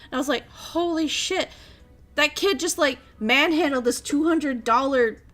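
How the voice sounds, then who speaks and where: A woman's voice: high voice, moderate pace, a bit bright. A young woman from Minnesota, a streamer telling stories in casual chat, rambling and swearing freely. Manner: rambling, profane storytelling.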